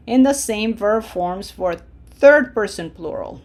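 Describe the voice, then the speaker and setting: A woman teaching Spanish verb endings, drilling each form slowly and encouraging her students. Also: medium pitch, lively intonation, a little mellow. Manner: slow, deliberate drill pronunciation with encouraging asides. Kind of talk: language lesson.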